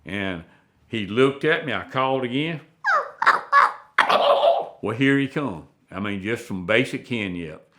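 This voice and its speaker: A man's voice: mid-range voice, expressive, unhurried, pauses often, fairly bright tone. A man, a veteran hunter telling stories in a plainspoken, folksy way with rural phrasing. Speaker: guest, veteran turkey hunter. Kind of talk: folksy storytelling.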